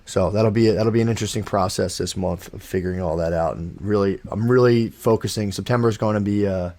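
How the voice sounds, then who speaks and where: A man's voice: on the low side, fairly quick, a little mellow. A young man co-hosting a podcast in casual chat, rambling with lots of fillers and restarts. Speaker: podcast co-host.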